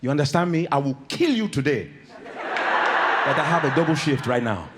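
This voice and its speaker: A man doing a booming Nigerian tough guy. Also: animated, moderate pace, heavy background noise, lightly acted. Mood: menacing. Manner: deep, booming threats. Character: Nigerian man making loud threats. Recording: stage with loud crowd.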